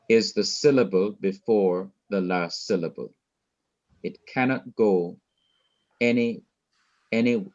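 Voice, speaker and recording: A man from Jamaica teaching a Hebrew grammar class online, explaining slowly and repeating his points. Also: fairly low pitch, highs cut off. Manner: slow, patient, repeats points.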